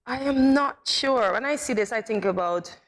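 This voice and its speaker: A woman's voice: a little high, normal speed. A woman co-hosting a morning talk show in casual chat, playful and teasing, laughing to tears.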